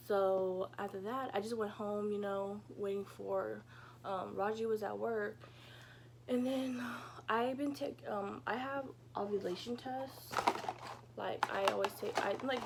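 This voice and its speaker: A young woman vlogger chats through a storytime in her bedroom, dropping "like" and "you know" constantly and swearing without restraint. She speaks a little slowly in a medium-pitched voice with vocal fry and fairly even intonation, over a slight hiss or hum.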